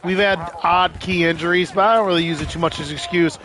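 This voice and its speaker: A man's voice: sits high, fairly even intonation, quick pace, bright, forceful tone. Profane rambling male gaming streamer. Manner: profane, laughing, rambling anecdotes. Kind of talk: casual storytelling while gaming.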